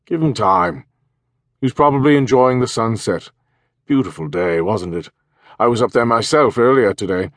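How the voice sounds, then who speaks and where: A man voices a good-natured young village constable with a teasing manner and a friendly mood, pitching slightly above his own voice while staying close to everyday speech. His mid-range delivery has lively intonation and a moderate pace, recorded in a studio with no room sound.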